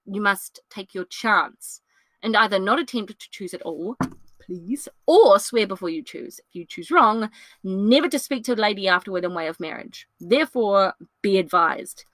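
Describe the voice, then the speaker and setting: A woman reading the part of a courteous young noble heiress in a solo reading of a classic play, speaking measured verse. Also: medium pitch, a bit bright, no room sound, pitched below the performer's own voice, natural voice.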